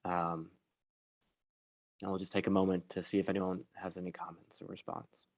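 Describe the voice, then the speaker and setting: Low-voiced man facilitating a workshop. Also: level tone. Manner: measured, pauses with fillers. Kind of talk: online training session.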